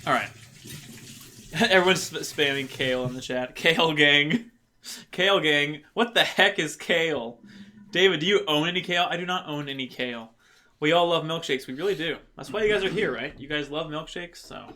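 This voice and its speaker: Bright, giggly streamer guy. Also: a little high, a little fast, slight background noise. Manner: playful, giggly, chatty. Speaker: livestream host. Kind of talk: casual chat reading viewer comments.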